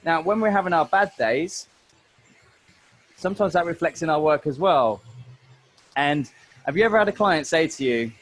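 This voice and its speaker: Brief: male hair educator, matey and chatty, fairly high-pitched, talks while he cuts. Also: expressive, normal speed, pauses often, low-quality recording. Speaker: hairdressing educator. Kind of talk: live online hair cutting demo.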